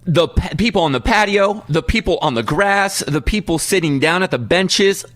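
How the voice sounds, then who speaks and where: A man's voice: sits high, animated, moderate pace, a bit bright, no echo. A man in his thirties, a podcast co-host telling a long story in casual chat and acting out the voices in his quotes.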